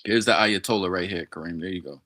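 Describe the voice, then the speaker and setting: A man's voice: deep voice, quick pace, sharp tone. A man chatting casually on a live stream, thinking aloud and sounding out words as he studies, talking straight to his viewers. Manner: talks directly to viewers in chat. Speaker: streamer studying Arabic.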